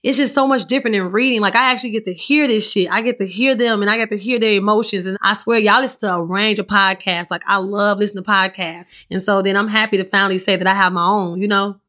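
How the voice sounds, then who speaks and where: Raspy, bright-voiced woman podcaster. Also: mid-range voice, steady tone, fast, few pauses. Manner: candid, profane, chatty storytelling. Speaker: podcast host. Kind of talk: casual solo podcast monologue.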